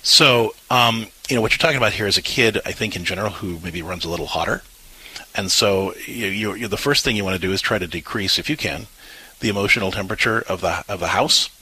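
A man co-hosts a parenting advice talk show, explaining calmly and earnestly. His voice sits low and sounds husky, with a bright, forward edge. He often repeats words as he works through a thought. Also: quick pace, poor audio.

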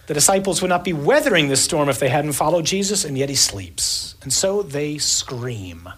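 Male preacher, husky and breathy, dramatic evening sermon with punchy lists. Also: on the high side, fairly bright tone. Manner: dramatic, emphatic lists, acts out the scene.

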